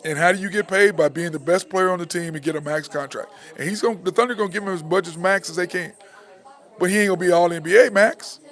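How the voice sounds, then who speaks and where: A male sports talk host with a slightly higher voice than most men. He rants with open frustration, hammering the same points again and again in a loose, off-the-cuff delivery. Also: quick pace, a bit bright. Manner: frustrated, repetitive ranting. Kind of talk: ranting sports commentary.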